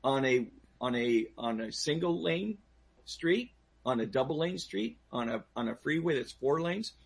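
A man's voice: medium pitch, expressive, measured pace, gravelly, husky. A man speaking as a guest on a talk show, giving personal safety advice with emphatic restarts and questions aimed at the audience.

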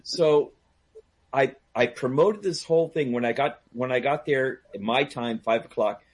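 A man telling a long story in casual chat, animated and laughing, acting out the people he quotes. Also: mid-range voice, a little slow, breathy edge. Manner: animated, acts out quoted voices, laughs a lot. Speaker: guest storyteller; DJ and karaoke host. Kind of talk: casual storytelling on a call-in talk show.

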